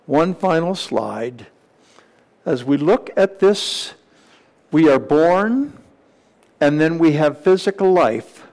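A man's voice: fairly high pitch, lively intonation, darkish tone. A man preaching a sermon, teaching from slides with emphatic repetition and rhetorical questions. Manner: slow, emphatic, with repeated phrases and rising questions.

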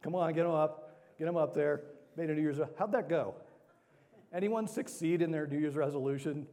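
Energetic preacher man in a reverberant hall. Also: a little high, a little fast. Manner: energetic, emphatic, repeats for emphasis. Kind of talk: sermon. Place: church sanctuary.

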